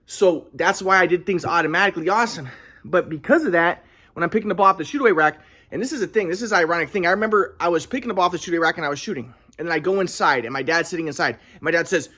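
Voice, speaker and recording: A man's voice: high voice, animated, fast, a bit bright. A man telling his own story in a rambling way, restarting sentences and repeating words. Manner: acts out quotes of others. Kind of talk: casual storytelling monologue.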